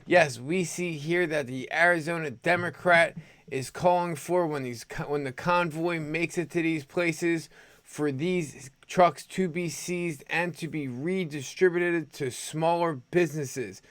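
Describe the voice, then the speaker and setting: Brief: sarcastic, rambling male host with a fairly high voice and a dry, close sound. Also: measured pace, a bit bright, dry recording. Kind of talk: opinionated news commentary.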